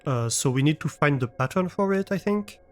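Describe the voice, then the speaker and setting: Guy streaming from his room, kinda high voice, slow, musing out loud, faint music behind. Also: lively intonation. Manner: thinking aloud, unhurried, chatting with viewers. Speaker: live streamer. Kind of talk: casual chat while playing a game. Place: his own room at home.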